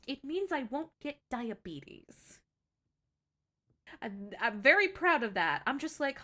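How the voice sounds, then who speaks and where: Lively chatty young woman streamer. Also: high-pitched, slow. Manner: chatty, self-deprecating, swearing. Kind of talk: casual stream chat.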